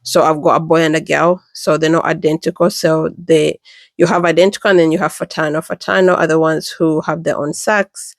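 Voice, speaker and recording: A woman in her thirties from the United Kingdom, a mother telling her pregnancy story in a casual, chatty way, jumping up in pitch when she quotes people. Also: fairly quick, no echo, clean studio sound. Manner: chatty and animated, acts out quoted voices with pitch jumps.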